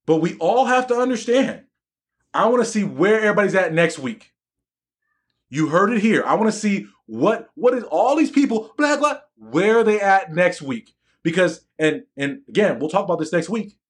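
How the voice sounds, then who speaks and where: A man in a slightly high register delivers an emphatic, preachy live-streamed talk. He drives his points home by repeating phrases and questioning his audience directly. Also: sing-song, normal speed. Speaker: educator and physician.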